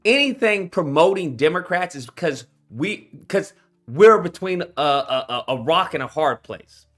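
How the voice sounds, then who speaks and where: A man's voice: on the high side, very animated, measured pace, a bit bright, soft background music. A man hosting his own channel, delivering a heated, profane, confrontational rant straight to his audience. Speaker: channel host. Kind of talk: ranting commentary to camera.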